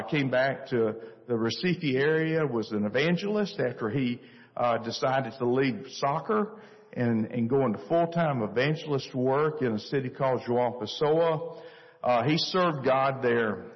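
An older man, a missionary speaker, telling a church story earnestly with many pauses. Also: medium pitch. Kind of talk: church talk. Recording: echoey church hall, dull lo-fi sound.

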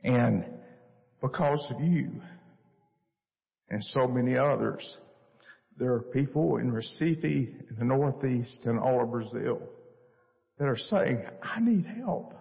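An older man, a missionary speaker, telling a church story earnestly with many pauses. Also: mid-range voice, vocal fry. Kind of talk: church talk. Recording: echoey church hall, dull lo-fi sound.

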